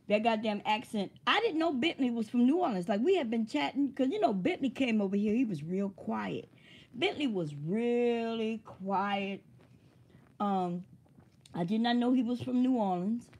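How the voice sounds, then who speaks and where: A woman's voice: a little high, animated, moderate pace, darkish tone. A woman hosting a casual livestream, who chats loosely, laughs often and swears freely. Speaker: livestream host.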